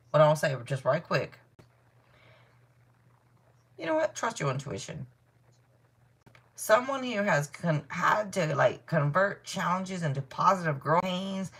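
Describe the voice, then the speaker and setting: A middle-aged woman chats her way through a live tarot reading, blunt and unfiltered with plenty of laughter. Her voice sits a little low, but her pitch swings widely as she talks. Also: sharp tone, husky. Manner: chatty, blunt, swears freely, laughs often. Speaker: tarot reader. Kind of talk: casual live-stream reading chat.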